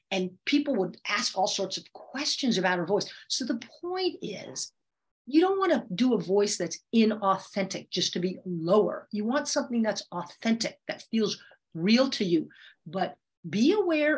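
Husky-voiced woman coaching in a webinar. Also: medium pitch, animated, normal speed. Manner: demonstrative, shifts her voice to illustrate points. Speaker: communication coach. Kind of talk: webinar teaching.

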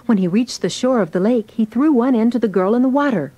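A woman giving gentle, clear scripted narration of a storybook read-along. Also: fairly high pitch, expressive, brisk, dry recording, lo-fi sound.

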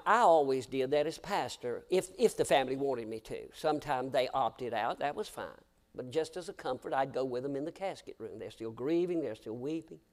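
A male American pastor preaching a sermon, telling stories and swinging from hushed to shouting. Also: medium pitch. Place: church sanctuary.

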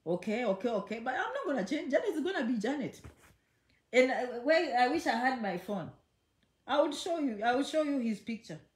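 A woman's voice: high voice, sing-song, a little fast. A woman vlogging to her viewers in a chatty, emphatic way, repeating phrases and teasing her audience. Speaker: immigration vlogger. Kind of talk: casual direct-to-camera talk. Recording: echoey room.

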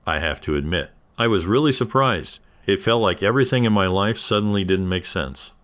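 A man with a very low, deep voice telling a first-person story. He reads a scripted narration at an even, measured pace, keeping his delivery steady throughout.

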